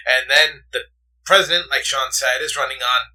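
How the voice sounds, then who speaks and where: A man co-hosting a casual movie podcast, animated, laughing often and swearing freely. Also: medium pitch, normal speed, recorded from a distance, poor audio. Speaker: podcast co-host. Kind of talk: casual chat.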